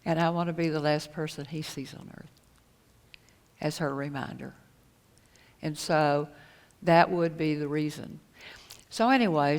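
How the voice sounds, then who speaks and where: A middle-aged woman with a low voice tells a personal story at a conference, earnest and halting, stopping to retell what others said. Her voice rings through a large hall with a long reverb tail. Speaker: conference speaker.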